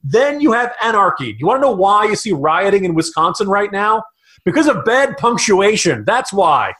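A man's voice: high voice, sing-song, moderate pace, fairly bright tone. A man co-hosting a political podcast, ranting in mock outrage. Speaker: podcast co-host and writer. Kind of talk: casual political podcast chat.

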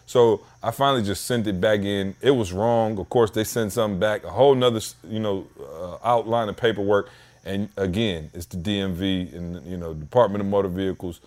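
A man's voice: lowish voice, brisk. A man hosting a podcast from his home basement, telling a long casual story in slangy speech and acting out the voices of the people in it. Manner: animated, slangy storyteller who acts out dialogue. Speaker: podcast host.

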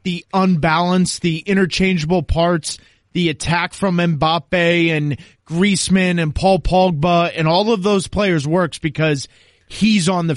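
High-voiced man explaining soccer emphatically. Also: dry recording, studio quality. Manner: emphatic, confident, explains at length. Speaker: soccer analyst guest. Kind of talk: casual podcast chat.

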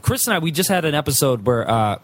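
A man's voice: fairly high pitch, very animated, a bit bright. A young adult man, a sitcom actor, telling stories in a casual podcast chat, swearing freely. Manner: rapid, profane storytelling.

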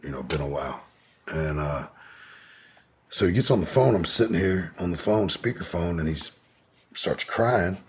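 A man's voice: low-pitched, lively intonation, moderate pace, pauses often, a little hiss or hum. A man telling a long personal story as a podcast guest, in a laid-back, profane, rambling way. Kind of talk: casual storytelling in an interview.

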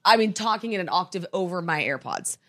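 A woman co-hosting a casual chat podcast from a hotel room. She tells an animated story and acts out the people in it. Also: lowish voice, fairly quick. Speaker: podcast co-host.

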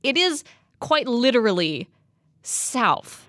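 A woman's voice: fairly high pitch, sing-song, slow pace, fairly bright tone, dry recording, clean studio sound. A woman from the US West Coast hosting a podcast, teasing and emphatic in casual chat. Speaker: podcast host.

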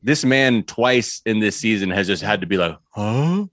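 A man guesting on a podcast, talking in a laid-back, halting way with lots of restarts. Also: fairly low pitch, fairly bright tone, dry recording. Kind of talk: casual chat.

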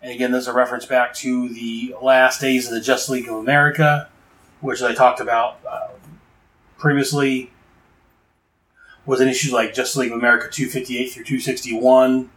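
A man's voice: mid-range voice, little pitch movement, brisk, fairly bright tone, echoey room, low-quality recording. Man, comic book reviewer, casual recap, rambling, lots of fillers. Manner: rambling, fillers, enthusiastic asides.

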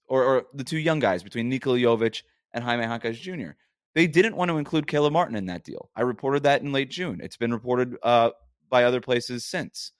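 A man hosts a sports podcast in a casual, argumentative monologue. He talks at an ordinary middle pitch and presses each point with rhetorical questions. His voice sounds dry and close to the mic, with no room around it. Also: no room sound. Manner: emphatic and argumentative, with frequent rhetorical "right?".

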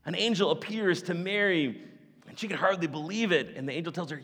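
Brief: conversational male preacher, somewhat high voice, church hall reverb. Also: brisk. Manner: animated, conversational storytelling. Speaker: pastor. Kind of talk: sermon.

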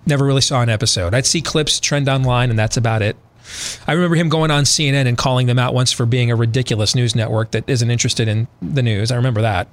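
A man's voice: medium pitch, steady tone, quick pace. A man hosting a talk radio show who gives emphatic opinions and speaks straight to his listeners. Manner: emphatic, addresses listeners directly. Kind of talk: opinionated commentary.

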